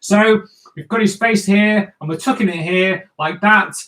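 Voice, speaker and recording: A man's voice: high-pitched, unhurried, fairly bright tone. A man giving a live comic drawing lesson, playful and jokey, talking straight to the viewers as he draws. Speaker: comics teacher.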